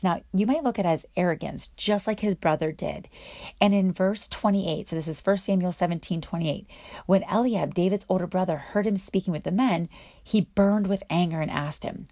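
A woman's voice: fairly low pitch, moderate pace, darkish tone, dry recording, studio quality. A woman giving a casual, enthusiastic Bible teaching to other women, full of chatty fillers.

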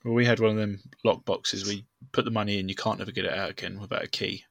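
A young man chats on a podcast, spinning a rude, self-mocking story. His voice sits low, with a bright, forceful edge. The sound is dry and close. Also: fairly even intonation, fast talker, gravelly, no room sound. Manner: swearing storyteller, laughs at himself. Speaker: podcast co-host. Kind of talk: casual chat.

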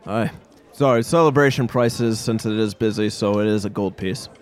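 A man's voice: on the low side, moderate pace, lightly acted. Man doing an obliging tavern bartender. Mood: accommodating. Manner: accommodating, hesitant. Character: busy tavern bartender, male, accommodating.

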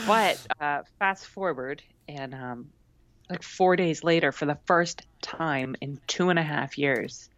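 A woman's voice: low-pitched, slow, a bit bright, no room sound. A woman co-hosting a podcast, telling a story in a candid, self-mocking, chatty way. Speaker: podcast co-host. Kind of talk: casual chat. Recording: dry, slightly dull recording.

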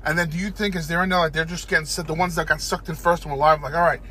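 A man's voice: on the high side, steady tone, racing, bright, forceful tone, slight background noise. A man in casual chat, telling a rambling story with lots of swearing, recorded in a car. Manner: storytelling with lots of swearing, acts out panicked ant voices. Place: inside a parked car.

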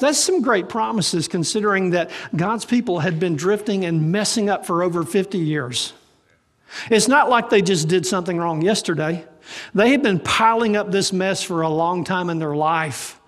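A pastor preaching a sermon to a live congregation, asking the room rhetorical questions. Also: male voice, high voice, normal speed, fairly bright tone, in a large hall. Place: church service with live congregation.

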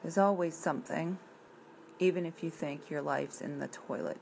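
A woman talks in a loose, rambling way. Her voice is low and full of vocal fry, and she is blunt, swearing here and there. Faint room noise sits under her voice. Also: normal speed, a little mellow, poor audio. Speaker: vlogger presenting a coloring page. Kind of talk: casual chat.

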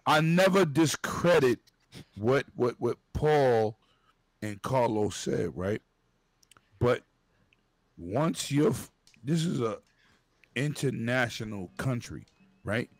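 A man from Brooklyn with a New York accent in casual, profane group banter, loudly arguing a point and cutting in to hold the floor. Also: medium pitch, animated, takes it slowly, pauses often, no room sound.

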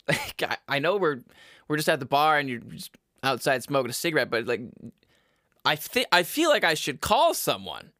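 A man's voice: mid-range voice, lively intonation, normal speed, fairly bright tone, no echo. Rambling, profane young man on a dry mic. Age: young adult. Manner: rambling, profane, self-mocking, goes off on side notes. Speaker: podcast host. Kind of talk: casual solo podcast rant.

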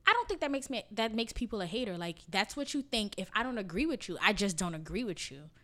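A young woman chats on a podcast in a bright, forceful voice, from a Haitian family. She tells stories bluntly and with plenty of swearing, acting out other people's lines as she goes. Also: medium pitch, very animated, fast talker. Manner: blunt, profane storytelling with acted-out quotes. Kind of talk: casual chat.

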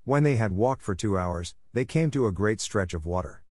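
A man narrating a fairy tale in a steady, measured storybook reading. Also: fairly low pitch, no room sound, clean studio sound.

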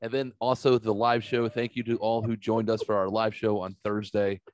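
A man's voice: on the low side, level tone, normal speed, a little mellow. A man hosting a podcast, chatting casually and profanely, mocking himself and rambling through stories. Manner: self-mocking, rambling storyteller. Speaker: podcast host.

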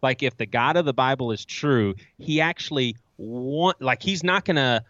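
A man being interviewed, telling candid stories about his past in a casual, animated way and acting out what he once said to himself. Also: mid-range voice, normal speed, no echo, muffled recording. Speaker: guest author.

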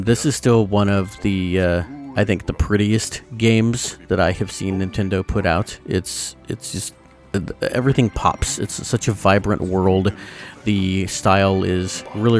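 Low-voiced guy hosting a chill podcast, laid back, lots of ums, faint music under him. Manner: relaxed, laughs easily, many fillers. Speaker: podcast host. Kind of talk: casual chat.

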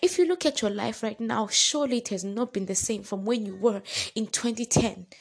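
Woman, preacher, earnest, fervent, repetitive, fairly high voice. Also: a little fast, slightly rough, low-quality recording. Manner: retells a story with lively acted quotes. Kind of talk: devotional exhortation.

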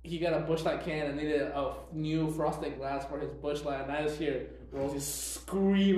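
A man's voice: on the high side, steady tone, normal speed, a little mellow. A man joining a casual chat, telling an amused story. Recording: very roomy, distant from the mic.

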